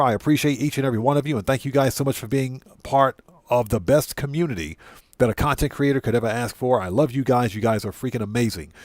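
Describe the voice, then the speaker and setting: A man's voice: medium pitch, darkish tone, no echo, clean studio sound. A man chatting casually with viewers while streaming a game, greeting them by name and often repeating and correcting himself. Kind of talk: casual livestream chat.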